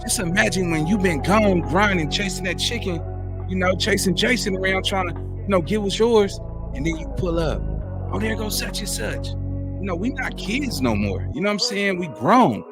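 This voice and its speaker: A man's voice: animated, moderate pace, over music. A man hosting a casual reaction commentary, talking in loose street slang with constant "you know what I'm saying" and a preachy, rambling delivery. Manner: preachy, drifting from high to low pitch. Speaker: commentary host.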